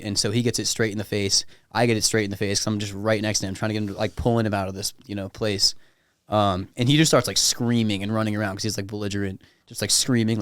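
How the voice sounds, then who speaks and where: A man's voice: fairly low pitch, smooth, no echo, studio quality. A young man chatting as a podcast guest, rambling through a story with constant filler words. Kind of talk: casual chat.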